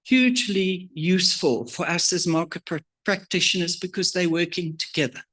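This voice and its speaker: Brisk, upbeat conference presenter. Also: mid-range voice, fairly even intonation, a bit bright, breathy edge. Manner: brisk, upbeat, listing agenda items. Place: conference stage.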